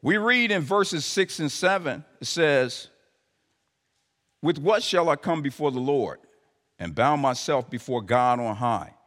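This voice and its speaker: A man's voice: fairly high pitch, lively intonation, unhurried, fairly bright tone. A man preaching a sermon, talking to the congregation conversationally with emphatic rising calls. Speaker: pastor. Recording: live sermon in a reverberant hall.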